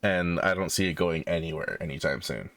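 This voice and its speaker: A man's voice: low-pitched, brisk, fairly bright tone, dry recording. A man co-hosting a gaming podcast, chatting casually with easygoing jokes. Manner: joking, easygoing banter. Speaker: podcast co-host. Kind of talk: casual chat.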